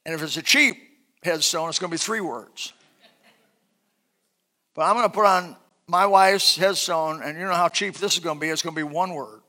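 A middle-aged man preaching a sermon, his voice pitched high and bright with a forceful edge. He swings from loud, emphatic bursts down to soft, hushed asides, keeping the congregation close. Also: normal speed. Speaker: pastor.

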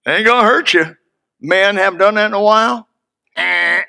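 Gravelly older preacher. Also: male voice, normal speed. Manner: folksy, swings from loud and high to low and hushed. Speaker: pastor. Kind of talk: sermon.

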